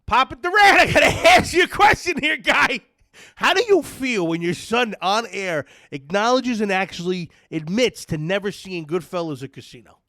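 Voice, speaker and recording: Loud, excitable New guy. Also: high voice, normal speed, no room sound, studio quality. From New Jersey. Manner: loud, excitable, swears freely. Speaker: podcast host. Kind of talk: casual podcast chat.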